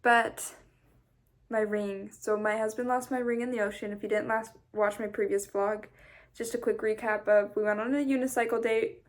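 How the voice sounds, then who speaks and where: A tired woman vlogger telling a story in a casual, rambling, animated way. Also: mid-range voice, moderate pace. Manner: chatty, rambling, animated retelling.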